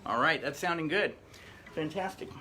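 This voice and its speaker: A man's voice: on the high side, animated, moderate pace, pushed and bright, soft background music. A middle-aged man, a rapper chatting upbeat between songs during a live-streamed performance. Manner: chatty, upbeat stage patter.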